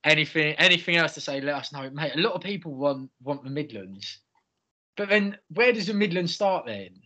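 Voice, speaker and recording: A man's voice: fairly high pitch, expressive, moderate pace, pushed and bright. A young man, co-hosting a casual chat, reading out audience replies and poking fun at himself. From London area. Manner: teasing, self-mocking, reads audience replies. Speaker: podcast co-host.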